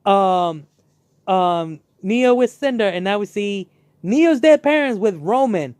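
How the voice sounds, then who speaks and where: A young man chatting excitedly while reviewing a show, animated and full of fillers. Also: high voice, takes it slowly, clean tone, dry recording. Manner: excitable, animated, many fillers and re-enacted quotes. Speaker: channel host reviewing a show. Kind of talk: casual review chat.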